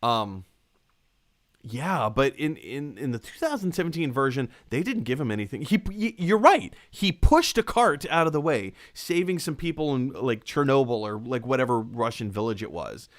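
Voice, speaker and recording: A man hosting a casual live-stream chat about movies, reading out viewer comments and talking in an animated way. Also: medium pitch, normal speed. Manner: animated, reads viewer comments, acts out quotes. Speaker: movie discussion host.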